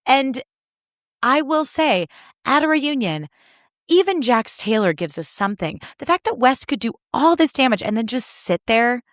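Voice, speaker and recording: A young woman hosting a solo podcast, recapping reality TV in animated, indignant, sarcastic talk with plenty of swearing. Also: on the high side, normal speed, no echo, clean studio sound. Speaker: podcast host.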